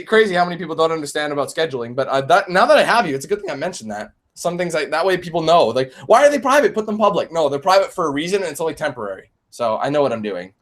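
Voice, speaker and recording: A man in his twenties chatting on a live-streamed Q&A, animated, swearing and laughing often. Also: a little high. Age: 20s. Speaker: YouTube gamer and streamer.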